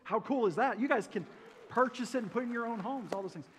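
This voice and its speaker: A man's voice: very high voice, quick pace, a bit bright, slight background noise. A man preaching a sermon in a folksy, joking way and asking the congregation questions. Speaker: pastor. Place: church sanctuary. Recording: church hall reverb.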